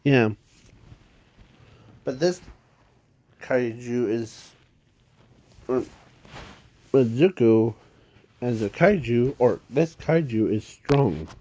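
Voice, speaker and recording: A man improvising a casual fan story, halting and rambling with constant restarts and self-corrections. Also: mid-range voice, animated, dark tone.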